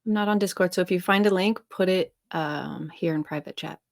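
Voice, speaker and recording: A woman hosting a casual chat stream, blunt and teasing, thinking out loud. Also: on the low side, brisk, vocal fry, dry recording, studio quality. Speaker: stream host.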